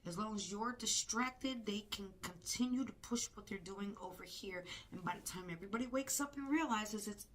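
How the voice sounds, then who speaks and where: Woman, live stream co-host, emotional, intense, slips into whispers, mid-pitched voice. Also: normal speed, hardly any pauses, a bit bright, slight background noise. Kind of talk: emotional live reaction chat.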